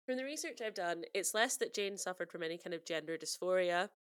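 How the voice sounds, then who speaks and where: A woman's voice: on the low side, expressive, fast, smooth, dry recording, clean studio sound. A woman co-hosting a podcast in casual chat, talkative and prone to laughing. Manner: chatty, giggly, lots of fillers. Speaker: podcast co-host.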